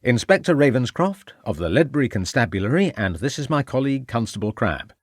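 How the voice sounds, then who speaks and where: A brisk, determined Victorian police inspector, read by a man. He questions in formal, pressing sentences with a lively, rising voice, recorded dry and close. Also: medium pitch, no room sound, voice pushed up. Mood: urgent.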